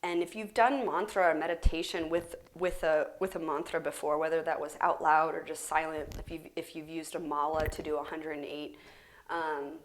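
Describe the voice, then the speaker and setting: A young adult woman teaching a guided yoga class, explaining in a relaxed, casual way with plenty of fillers, recorded on a camera mic. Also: sits low, moderate pace. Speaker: yoga instructor.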